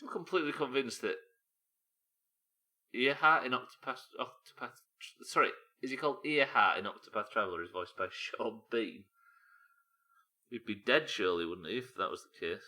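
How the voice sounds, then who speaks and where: A man's voice: medium pitch, moderate pace, bright, forceful tone. A man with a Yorkshire accent chatting to his viewers while playing a game, joking and asking questions aloud. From Yorkshire, England. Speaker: streamer. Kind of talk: casual game-stream chat.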